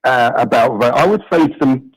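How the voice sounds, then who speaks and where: A man calling in to a talk radio show, arguing in an animated, impassioned way. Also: medium pitch, moderate pace, husky, poor audio. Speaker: caller. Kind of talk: call-in talk radio chat.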